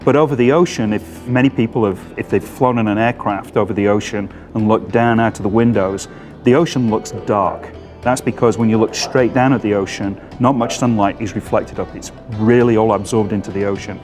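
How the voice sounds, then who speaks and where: Deep-voiced man explaining science methodically. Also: steady tone, fairly quick, a little mellow, faint music behind. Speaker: mission scientist. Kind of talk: explanatory interview answers.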